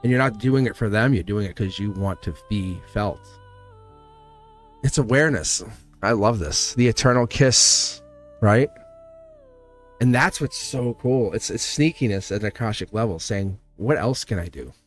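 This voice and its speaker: A middle-aged man hosting a live tarot reading, rambling and upbeat, his voice hoarse and cracking. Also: fairly low pitch, moderate pace, faint music behind. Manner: rambling, upbeat, repeats himself. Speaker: tarot reader and host.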